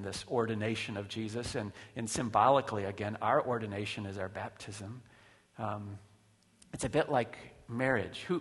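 A man preaching a sermon in a conversational way, with rhetorical questions and frequent restarts. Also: medium pitch. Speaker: pastor. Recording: long hall reverb.

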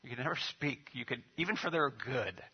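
Husky-voiced male pastor preaching. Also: medium pitch, expressive, a little fast, lo-fi sound. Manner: storytelling with acted quotes, leading prayer and liturgy. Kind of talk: sermon.

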